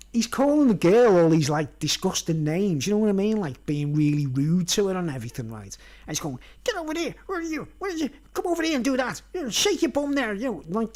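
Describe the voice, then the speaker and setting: A man's voice: high voice, a little mellow. A man with an Irish accent vlogging, telling a long dream story in a rambling, chatty way and checking in with his listeners all the time. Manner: chatty, keeps asking "right?" and "you know what I mean".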